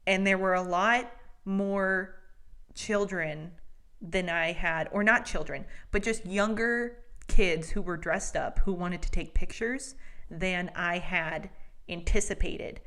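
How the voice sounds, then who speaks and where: Animated young woman telling stories. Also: lowish voice. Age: 20s. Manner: animated storytelling, quick asides. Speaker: podcast co-host. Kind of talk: casual chat.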